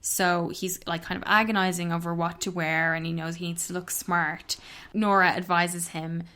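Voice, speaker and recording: A woman co-hosting a podcast, talking candidly and swearing casually in a relaxed book club chat. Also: fairly low pitch, normal speed. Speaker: podcast co-host. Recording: traffic noise from an open window.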